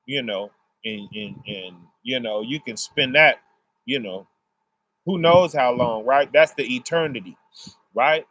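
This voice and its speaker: A man's voice: medium pitch, a little slow, a bit bright, dry recording. A man giving a casual sermon, explaining through everyday family examples and asking "right?" after nearly every phrase. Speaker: preacher.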